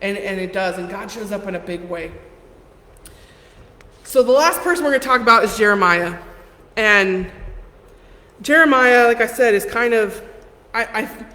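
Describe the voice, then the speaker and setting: A woman's voice: medium pitch, moderate pace, pauses often, sharp tone. A woman preaching a sermon in a conversational way, playfully acting out the Bible figures in short bursts. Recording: echoey hall with long reverb and faint noise.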